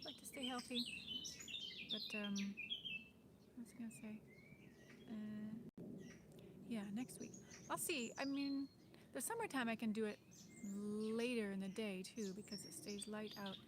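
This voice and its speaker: This woman hosts a casual livestream chat in a slightly high, steady voice, talking a little slowly. She wanders and hesitates, using many fillers and small laughs, and the recording is very noisy, with birds singing behind her.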